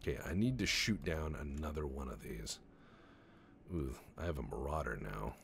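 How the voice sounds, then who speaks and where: Low-voiced man rambling over gameplay. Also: animated, normal speed, vocal fry, a bit bright, slight background noise. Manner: rambling, profane, joking asides. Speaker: gaming channel host. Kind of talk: casual let's-play commentary.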